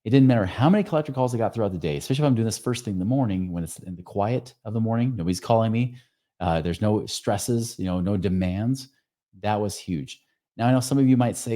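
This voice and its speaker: A man's voice: fairly low pitch, fast, warm tone. A man in his forties hosting a podcast, giving casual, earnest advice straight to the listener, with lots of fillers and self-corrections. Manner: speaks directly to the listener with rhetorical questions. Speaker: podcast host.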